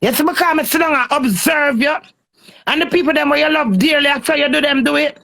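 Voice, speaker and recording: A woman's voice: high voice, a little fast, gravelly, a bit bright. A Jamaican woman in a heated, cursing, confrontational rant on a phone live stream.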